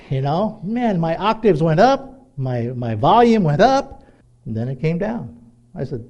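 A middle-aged man preaching a sermon in a conversational, animated way, acting out little dialogues. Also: fairly high pitch, measured pace. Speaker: pastor.

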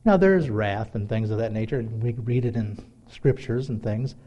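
A middle-aged man preaching a sermon in a conversational, animated way, acting out little dialogues. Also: medium pitch. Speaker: pastor.

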